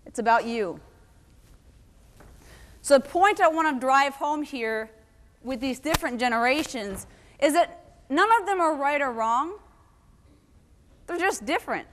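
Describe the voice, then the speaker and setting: A woman giving a lively motivational talk to a live audience, telling stories and asking the crowd questions. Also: high-pitched, unhurried, pauses often. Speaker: keynote speaker. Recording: long hall reverb.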